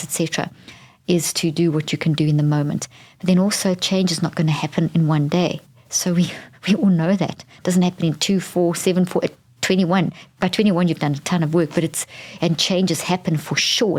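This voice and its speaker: A woman with a low voice carries a podcast on her own. She explains in an earnest way, often repeating a word or starting a sentence over as she works through her point. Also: a little mellow. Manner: earnest, repeats words and restarts while explaining. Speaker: podcast host.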